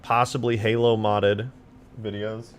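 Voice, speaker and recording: A man live-streaming, chatting casually and excitedly with his viewers while eating and reacting to videos. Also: on the low side, measured pace, very noisy. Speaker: livestreamer reacting to game mod videos.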